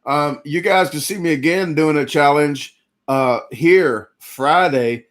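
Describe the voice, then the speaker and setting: A man's voice: fairly high pitch, slow pace, fairly bright tone. A man, rambling through a casual live-stream chat after an eating challenge and greeting viewers by name. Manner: rambling, chatty, reads out viewer names; full and sluggish after a big eating challenge.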